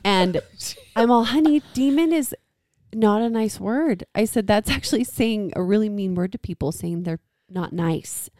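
A woman's voice: mid-range voice, moderate pace, darkish tone, no echo, clean studio sound. A woman co-hosting a podcast, telling a family story in casual chat and acting out her daughter's lines. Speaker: podcast co-host.

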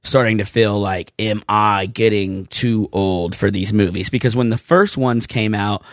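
A man's voice: lowish voice, a little slow, dry recording. Rambling man on a dry podcast mic. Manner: rambling storyteller, animated when quoting people. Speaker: podcast co-host. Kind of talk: casual chat.

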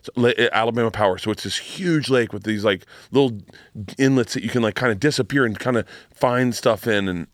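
A man's voice: mid-range voice, brisk, no room sound, studio quality. A middle-aged man from Florida, guest on a podcast, telling rowdy stories in a rambling way with many restarts. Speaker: comedian guest. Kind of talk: casual podcast chat.

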